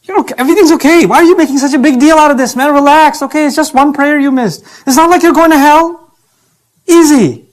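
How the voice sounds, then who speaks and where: A man's voice: extremely high pitch, fast, voice pushed up. A man voicing a devil who whispers false comfort, with breezy, dismissive reassurance. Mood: coaxing.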